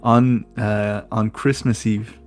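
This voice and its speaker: A man's voice: fairly low pitch, little pitch movement, slow, soft background music. A man hosting a podcast in casual conversation, hesitant and repeating words as he starts his sentences. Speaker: podcast host.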